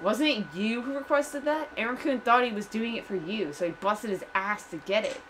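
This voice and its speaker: A woman doing a gruff young gangster. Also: fairly high pitch, moderate pace, a bit bright, slight background noise, close to an everyday voice, poor audio. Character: cocky young male gangster, blunt and tough. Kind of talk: voicing game dialogue during a let's play.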